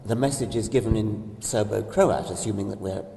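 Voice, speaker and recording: An older man explains ideas in a measured conversational discussion, restarting a phrase now and then. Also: on the low side, gravelly, mellow. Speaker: discussion guest. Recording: echoey hall, distant mic.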